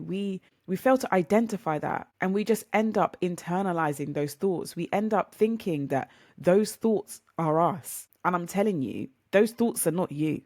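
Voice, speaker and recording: A woman's voice: on the low side, darkish tone, no echo, clean studio sound. A young woman hosting a podcast, talking casually and motivationally, chatty and rambling, often speaking straight to her listeners. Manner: chatty, rambling, upbeat, addresses listeners as guys. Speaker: podcast host.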